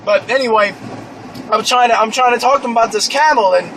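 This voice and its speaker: A man's voice: very high voice, fast talker, fairly bright tone, slight background noise, rough recording. A young man improvising a crude, clueless young British man who rambles, stammers and swears constantly, with a put-on British accent. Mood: boastful. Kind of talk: improvised comedy monologue.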